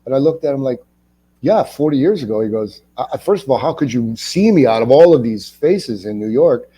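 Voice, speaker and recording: An older man in his sixties with a mellow, warm voice, from Ohio. He is a guest in a casual interview and tells animated stories, acting out the lines of the people in them. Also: mid-range voice, fairly quick. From Ohio, United States. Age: 60s. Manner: animated storyteller, acts out other people's lines. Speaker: actor, guest.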